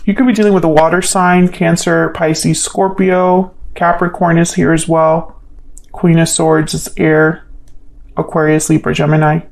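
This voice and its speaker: A woman's voice: low-pitched, flat delivery, a little slow, darkish tone, rough recording. A woman giving a solo tarot love reading, thinking aloud in a hesitant way and asking the cards questions as she goes. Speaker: tarot reader.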